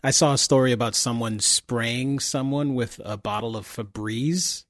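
A man co-hosting a podcast in casual chat, speaking in a measured way and chiming in with agreement. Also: mid-range voice, no echo, clean studio sound. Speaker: podcast co-host.

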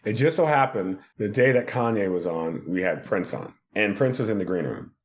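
Animated man telling stories with laughs. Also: fairly low pitch, moderate pace, slight background noise. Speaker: podcast guest. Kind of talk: casual storytelling.

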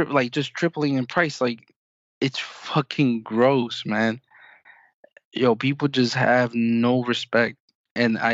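A man's voice: medium pitch, no room sound, lo-fi sound. A man co-hosting a casual podcast, talking in a rambling, hesitant way with lots of fillers. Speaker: podcast co-host. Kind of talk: casual chat.

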